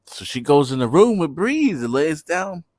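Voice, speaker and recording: A man's voice: a little high, big pitch swings, moderate pace, darkish tone, no echo, clean studio sound. A young man telling a party story in a laid-back, slangy way. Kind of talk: casual storytime vlog.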